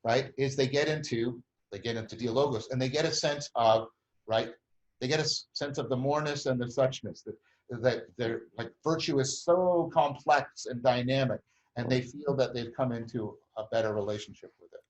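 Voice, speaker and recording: A man's voice: mid-range voice, moderate pace, low-quality recording. A man hosting a conversation, explaining a group process at length with many restarts and frequent tag questions. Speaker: host.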